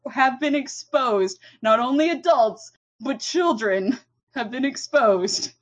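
Slow, emphatic profane woman ranting. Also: a little high, highs cut off. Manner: profane, emphatic, laughing through a rant. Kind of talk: casual podcast rant.

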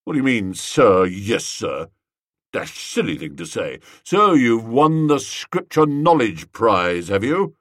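Man voicing a pompous, blustering young gentleman. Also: medium pitch, sing-song, slow pace, no room sound, clean studio sound. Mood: cold hectoring. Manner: cold, blustering and accusing. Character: hectoring, pompous young gentleman handing out school prizes.

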